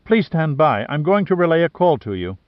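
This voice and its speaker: A man putting on a raised voice for a formal, excitable middle-aged female secretary. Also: on the high side, fast talker, dry recording, voice pushed up. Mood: excited. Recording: dry, slightly dull lo-fi sound.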